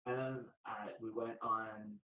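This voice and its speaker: Young guy hosting, relaxed and chatty, in an echoey room with narrow phone-like audio. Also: lowish voice, slow pace, recorded from a distance. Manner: easygoing, laughing storyteller. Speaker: podcast host. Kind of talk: casual chat.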